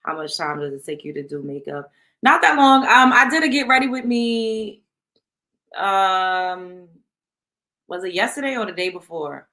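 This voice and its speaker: A woman's voice: mid-range voice, lively intonation, unhurried, sharp tone. A woman with a New York accent hosting a casual livestream, reading viewer questions and talking bluntly with lots of profanity. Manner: blunt, profane, reads chat aloud. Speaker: livestream host.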